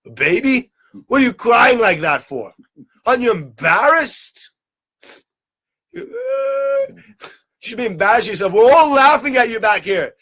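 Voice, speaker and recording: A man's voice: very high voice, huge pitch swings, a little slow, gravelly, fairly bright tone, breathy edge, pitched above the performer's own voice, full character voice. A man voicing a mocking friend who jeers at a crying defendant in a courtroom story. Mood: jeering. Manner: taunting, scornful.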